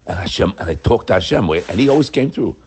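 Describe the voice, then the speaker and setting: A man giving an animated Torah talk, emphatic and full of rhetorical questions, mixing Hebrew terms into English. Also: low voice, fast, slight background noise. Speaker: rabbi giving a Torah class.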